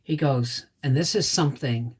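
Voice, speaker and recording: A woman's voice: rumbling low, normal speed, husky. A middle-aged woman hosting a casual homestead live stream, chatting with viewers and reading out their names. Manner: chatty, reads out viewer names, gets emotional. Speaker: homestead channel host.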